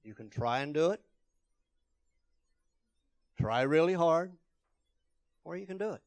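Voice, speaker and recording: A man with a slightly higher voice leads an informal wellness talk for a small group. He speaks plainly and encourages them as he takes their questions. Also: expressive, measured pace, no echo.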